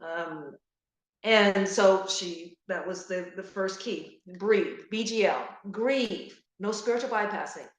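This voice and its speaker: A middle-aged woman giving an earnest, animated motivational talk to grieving parents, repeating key phrases for emphasis. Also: medium pitch, takes it slowly, reverberant. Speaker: guest speaker on grief support.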